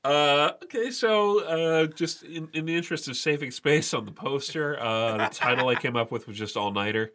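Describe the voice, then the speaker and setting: A man's voice: a little high, normal speed, few pauses, sharp tone. A man co-hosting a podcast in casual chat, wry and opinionated, with hesitant fillers. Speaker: podcast co-host.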